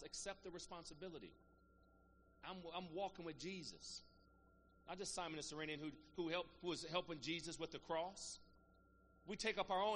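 A man's voice: mid-range voice, a bit bright, slight background noise. A man preaching a sermon to a congregation, rising into emphatic call-and-response and easing back into plain teaching.

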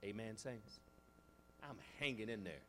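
A man preaching a sermon, swinging between loud, shouted climaxes and quiet asides. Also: on the low side, lively intonation, unhurried, slight background noise. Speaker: pastor. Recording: long reverb of a large hall.

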